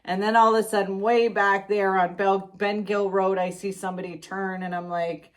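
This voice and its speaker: A middle-aged woman co-hosting a podcast, telling a story in casual chat, swearing freely and loudly acting out what was said. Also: medium pitch, moderate pace. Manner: animated, profane, acts out quotes loudly. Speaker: podcast co-host.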